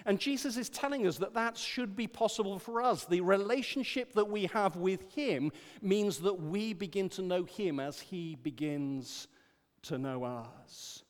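An older man preaching a sermon, rising to emphatic declarations and dropping to quiet storytelling. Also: sits high, unhurried. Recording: long hall reverb.

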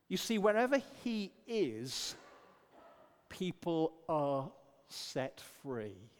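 An older man preaching a sermon, rising to emphatic declarations and dropping to quiet storytelling. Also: fairly high pitch. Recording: long hall reverb.

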